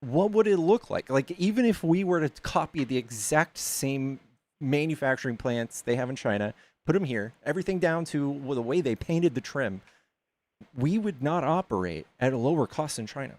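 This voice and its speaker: A mid-pitched man hosting a casual online debate. He lays out his arguments step by step, pushing back steadily, with a loose, filler-heavy way of talking. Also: animated, normal speed, a little mellow. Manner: reasoned, argumentative, many filler likes. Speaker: debate stream host.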